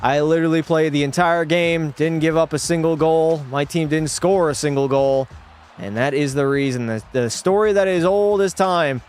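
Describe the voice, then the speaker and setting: A young man streaming a hockey video game, chatting with his viewers and breaking into profane, shouted rants. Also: on the high side, moderate pace, clear, resonant tone, faint music behind. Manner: profane, talks to chat, erupts into shouting rants. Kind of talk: casual gaming livestream commentary.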